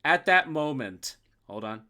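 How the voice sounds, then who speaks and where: A man narrating as game master for a tabletop game, describing scenes slowly and correcting himself now and then. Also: a little high, animated, crowd noise. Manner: slow, descriptive, with small self-corrections.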